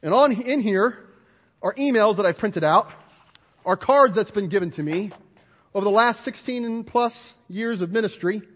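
A man preaching a sermon as pastor, animated and emphatic, driving points home with repeated lists. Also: sits high, moderate pace. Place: church sanctuary. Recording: dull, hall-reverberant church recording.

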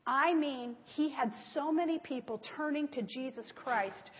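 A woman's voice: sits high, unhurried. A woman teaching a sermon, telling a Bible story and reading scripture aloud with emphasis, using slides. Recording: dull audio in a large reverberant hall.

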